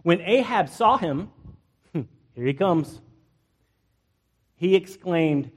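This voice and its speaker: A male pastor preaching a lively, conversational sermon, joking with the congregation and acting out the people in the story. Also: on the high side, extremely slow, long pauses, slightly rough. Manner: acts out biblical characters in playful asides, jokes with the congregation.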